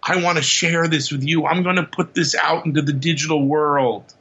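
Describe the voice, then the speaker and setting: A man talking as a podcast guest in casual chat, animated and jokey, acting out little scenes as he talks. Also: fairly high pitch, moderate pace. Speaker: comic book writer, podcast guest. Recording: dull lo-fi audio.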